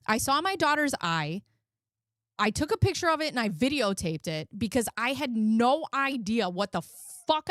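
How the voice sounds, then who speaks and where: A woman's voice: on the high side, fairly bright tone, no room sound, clean studio sound. A woman in her forties talking casually and bluntly, swearing often as she tells a personal story on her commentary channel. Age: 40s. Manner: blunt, frequent swearing, emotional. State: close to tears.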